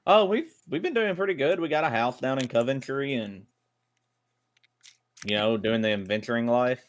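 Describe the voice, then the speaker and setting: A man playing in a tabletop game, relaxed and joking. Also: mid-range voice, moderate pace, slight background noise. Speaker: player. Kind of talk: casual tabletop game chat.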